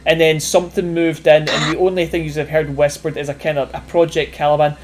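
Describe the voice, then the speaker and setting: A man's voice: a little high, level tone, brisk. Laid-back man running a tabletop game. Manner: laid-back, rambling, with many fillers and laughs. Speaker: game master. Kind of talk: narrating a tabletop game on a livestream.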